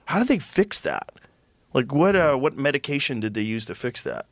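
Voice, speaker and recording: Male podcast host, mid pitch, close dry sound, eager and swears freely. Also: normal speed, no echo. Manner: animated, profane, eager explainer. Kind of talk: casual conversation.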